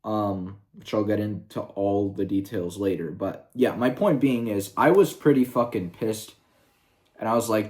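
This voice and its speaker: A man's voice: on the low side, moderate pace, darkish tone. Rambling, profane man reviewing a show. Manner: rambling and profane, heavy with fillers. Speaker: video reviewer. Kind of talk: casual review vlog.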